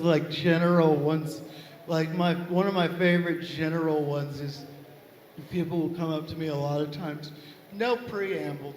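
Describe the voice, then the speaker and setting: A man doing a stand-up set, telling profane, animated stories with loud comic outbursts, recorded live at a venue with an audience. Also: on the high side, slight background noise. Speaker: stand-up comedian. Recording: live hall reverb, crowd laughter.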